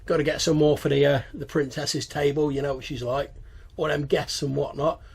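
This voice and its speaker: A crude male goblin with a high, raised voice and a coarse, slangy, complaining way of talking, as a game master puts him on. The voice sits well above a man's usual range, carries a gravelly edge and sounds husky. It comes from a tabletop game. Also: little pitch movement, a little fast. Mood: bossy.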